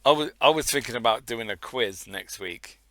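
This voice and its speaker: A man's voice: mid-range voice, animated, normal speed, fairly bright tone, no room sound. A man co-hosting a podcast in blunt, sweary, teasing casual banter. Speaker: podcast co-host.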